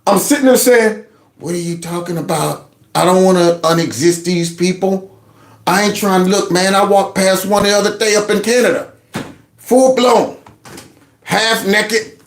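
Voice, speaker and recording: A man hosting a political commentary channel, reacting to clips in an animated, mocking way. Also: sits high, normal speed, echoey room. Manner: animated, mocking, mimics others in exaggerated voices.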